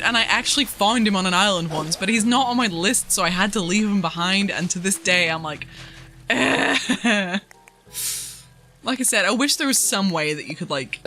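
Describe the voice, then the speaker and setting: A woman live-streaming a game from home, with a bright, forceful voice. She chats loosely and giggles often, turning between her viewers and her pets. Faint music plays behind her. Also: medium pitch. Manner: chatty, giggly, talks to pets and chat. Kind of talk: casual live-stream chatter while playing.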